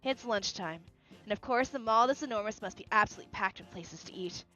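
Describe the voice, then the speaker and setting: A woman's voice: mid-range voice, fairly quick, sharp tone, close to an everyday voice. A woman reading as an upbeat young heroine. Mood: cheerful. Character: upbeat young heroine exploring a big city. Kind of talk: reading game dialogue aloud. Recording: lo-fi with faint music.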